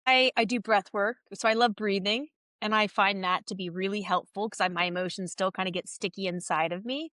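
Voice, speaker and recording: Podcast guest, woman, 30s, bright and forceful, open and emphatic, dry recording. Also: medium pitch, brisk, few pauses, no room sound. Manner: open and emphatic, animated with swearing. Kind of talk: candid interview conversation.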